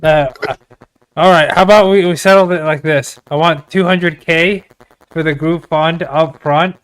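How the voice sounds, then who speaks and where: A man's voice: fairly high pitch, steady tone, unhurried, smooth. A man playing a tabletop game, stammering and hesitant, with sarcastic turns. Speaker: player.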